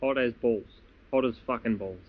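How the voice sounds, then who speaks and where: A man's voice: mid-range voice, moderate pace, phone-quality sound. An Australian man joining a casual chat from another state, laid-back with short replies.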